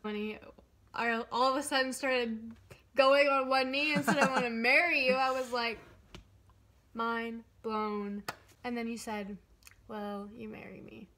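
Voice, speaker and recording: A woman's voice: on the high side, normal speed, a bit bright. A young woman in her twenties chiming in on a casual shared story, giggling often. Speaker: vlogger co-telling the story.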